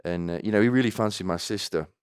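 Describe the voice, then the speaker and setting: A man's voice: lowish voice, quick pace, smooth, no room sound, studio quality. A young man hosting a podcast, telling rambling comic stories with stammering restarts and crude offhand jokes. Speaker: podcast host.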